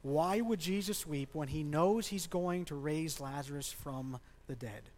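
Pastor preaching in a reverberant hall. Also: male voice, a little high, unhurried, a little mellow. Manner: conversational, asks the congregation questions. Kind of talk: sermon. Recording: long reverb of a large hall.

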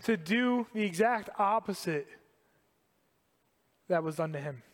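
A man preaching a sermon to a congregation, animated and emphatic, repeating key phrases. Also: sits high, a little slow, in a large hall. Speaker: pastor.

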